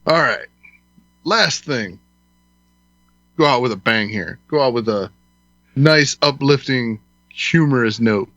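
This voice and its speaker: A man hosting a podcast talks in an emphatic, opinionated way in a bright, forceful voice. The recording is dry and slightly dull. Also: mid-range voice, expressive, slow pace, pauses often, no room sound. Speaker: podcast host. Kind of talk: casual podcast chat.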